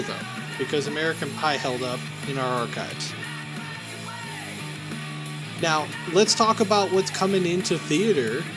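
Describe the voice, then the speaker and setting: A man hosts a relaxed movie podcast in a casual, chatty way. His voice sits a little high for a man, and soft music plays faintly under the talk. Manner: chatty, plugs the show and previews films. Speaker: podcast co-host.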